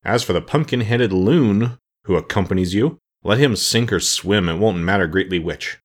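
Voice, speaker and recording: A man's voice: on the low side, moderate pace, natural voice. A man voicing a cross, disagreeable ferryman who speaks curtly and scornfully in an audiobook. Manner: curt, scornful. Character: cross, disagreeable middle-aged male ferryman. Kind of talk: audiobook character voice.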